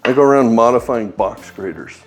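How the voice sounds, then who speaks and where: A chatty man walks viewers through a recipe in his home kitchen, joking and giving firm, bossy tips along the way. His voice sits at an ordinary middle pitch. Soft music plays faintly underneath. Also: animated, brisk. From United States. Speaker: home cooking channel host. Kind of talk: casual cooking demonstration.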